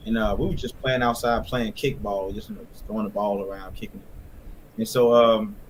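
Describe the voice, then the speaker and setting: A man recounting a childhood memory in a plain, halting way, with many fillers. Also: lowish voice, steady tone, slight background noise. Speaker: guest. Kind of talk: casual storytelling.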